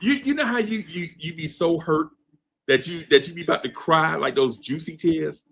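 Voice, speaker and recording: A man's voice: a little high, normal speed, gravelly, fairly bright tone, breathy edge. A man in his fifties telling a story in a laid-back podcast chat, laughing often and asking "right?" after his points. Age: 50s. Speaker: podcast co-host. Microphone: streamed podcast mic.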